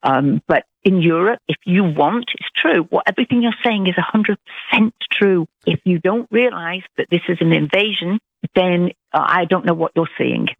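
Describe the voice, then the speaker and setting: A British woman calling in to a radio show, talking in an earnest, halting way with many restarts. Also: on the low side, expressive, gravelly, slightly rough, no echo. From Britain. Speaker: caller. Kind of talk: call-in radio conversation. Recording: tinny phone line.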